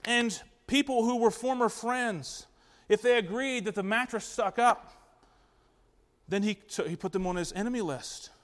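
High-voiced preacher in a reverberant church. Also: male voice, a little slow, fairly bright tone. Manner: asks the congregation questions, earnest. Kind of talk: interactive sermon. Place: church sanctuary.

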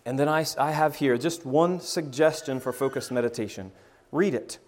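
A man preaching an informal sermon, stammering over restarts and swinging from loud to hushed. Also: mid-range voice, normal speed, in a large hall, a little hiss or hum. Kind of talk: conversational sermon.

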